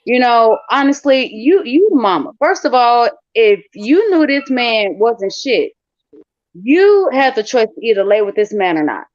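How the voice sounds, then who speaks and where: A woman telling a personal story on a podcast, frank and measured, with fillers. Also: on the high side, very animated, dry recording, lo-fi sound. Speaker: podcast co-host.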